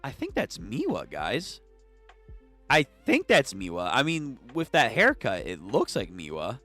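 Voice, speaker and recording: Young male host, excitable, swears, trips over names; very lively pitch and a bright, pointed tone. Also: a little slow, faint music behind. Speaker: channel host reading manga aloud. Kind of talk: casual read-through with live reactions.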